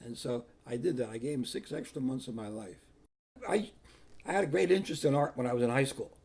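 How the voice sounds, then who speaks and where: A man's voice: medium pitch, fairly quick, gravelly, a little mellow, slightly rough. An older man, once a priest, telling his life story plainly in an interview and acting out other people's words. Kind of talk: personal storytelling.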